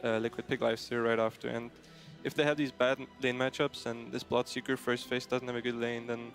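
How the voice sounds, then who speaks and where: A man's voice: medium pitch, little pitch movement, a little fast, faint music behind. A man working as an esports analyst on a panel, thoughtful and hesitant, with frequent fillers.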